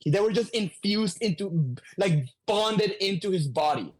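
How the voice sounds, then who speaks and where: A man co-hosting a podcast, recapping comic books in casual chat, an animated storyteller who swears freely. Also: high voice, measured pace. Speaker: podcast co-host.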